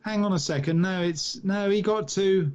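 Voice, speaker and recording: A man co-hosting a podcast in casual chat, dry and skeptical in a measured way. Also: high-pitched, a little mellow, muffled recording. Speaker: podcast co-host.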